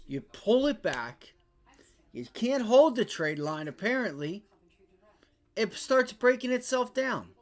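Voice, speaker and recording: A man hosting a live day-trading stream, talking viewers through charts with profane, exasperated rants and repeated phrases. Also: sits high. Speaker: day-trading livestream host.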